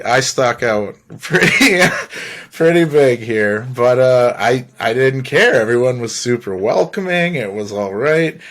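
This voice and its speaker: A man with a middle-pitched voice hosts his own podcast. He tells a long personal story in a loose, rambling monologue, swearing freely and slipping in little laughs between phrases. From Canada. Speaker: podcast host.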